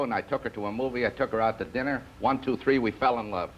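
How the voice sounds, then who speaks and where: A man's voice: medium pitch, fast. A man telling a long joke at a comedy round table, acting out each man's lines in turn. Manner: relaxed storyteller, acts out both men in the joke. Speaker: comedian guest. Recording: dull old TV recording with faint hiss.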